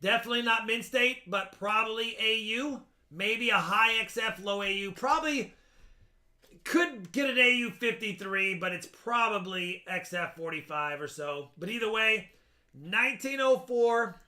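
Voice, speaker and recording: High bright-voiced man grading coins. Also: unhurried. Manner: chatty, appraising coins in loose run-on speech. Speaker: coin dealer running a live auction stream. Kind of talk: casual live-stream auction talk.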